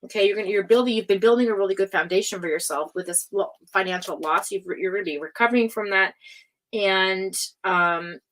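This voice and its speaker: A woman's voice: medium pitch, brisk, a bit bright, poor audio. Chatty woman doing a casual tarot reading. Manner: chatty and affectionate, calls viewers cutie pie; meandering, full of fillers and restarts. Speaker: tarot reader hosting a livestream.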